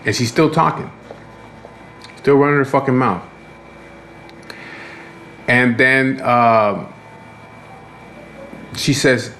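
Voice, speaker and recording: A man's voice: medium pitch, takes it slowly, pauses often, fairly bright tone, a little hiss or hum. A man casually telling a rambling, profane story about his day, tired and fed up. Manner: profane, rambling, frequent restarts. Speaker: vlogger.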